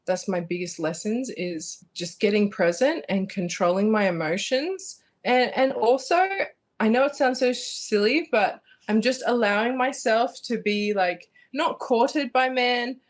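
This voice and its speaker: A young Australian woman talking casually as an interview guest, animated and rambling with lots of fillers and restarts. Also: medium pitch, unhurried. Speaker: guest, bare-knuckle fighter.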